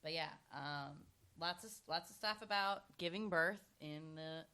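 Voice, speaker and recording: A young woman co-hosting a podcast in casual chat, relaxed and full of filler words. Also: low voice, a little slow, clear, resonant tone. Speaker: podcast co-host.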